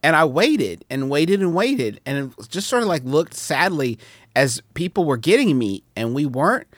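A man's voice: on the high side, big pitch swings, normal speed, dry recording, clean studio sound. A man co-hosting a comedy podcast, telling a restaurant mishap story with mock indignation. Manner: indignant, storytelling, rising to outrage. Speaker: podcast co-host. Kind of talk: comedic casual chat.

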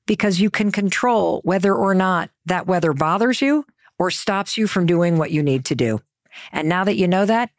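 A woman speaks straight into a close, dry microphone in an upbeat coaching style. Her voice sits at a middling pitch, and she keeps firing rhetorical questions at the listener. It sounds like a motivational podcast host pushing her audience to change how they think. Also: no echo. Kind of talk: motivational talk.

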